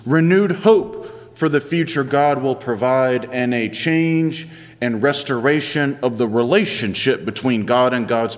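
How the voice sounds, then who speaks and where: A man's voice: mid-range voice, long reverb tail. A man in his thirties, a pastor giving a sermon in a conversational, playful storytelling manner.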